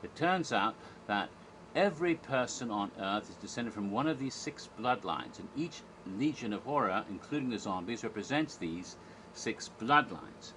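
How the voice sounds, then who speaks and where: A man's voice: lowish voice, expressive, moderate pace, a bit bright, a little hiss or hum. Rambling man recapping a show. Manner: rambling, enthusiastic retelling with frequent fillers. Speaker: theme park event historian. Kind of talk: casual narrated recap.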